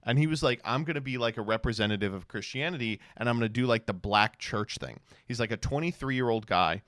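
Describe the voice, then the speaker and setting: A man's voice: medium pitch, animated, a little fast, few pauses, a bit bright, no room sound, studio quality. A man streaming casual commentary, sarcastic and fond of mocking impressions.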